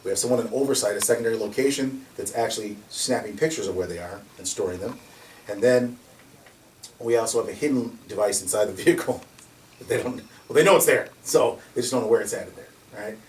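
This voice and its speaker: A man who runs a security company, telling stories in an animated way and laughing often as he talks. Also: lowish voice, quick pace. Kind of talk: conversational storytelling. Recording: roomy, distant mic, faint noise.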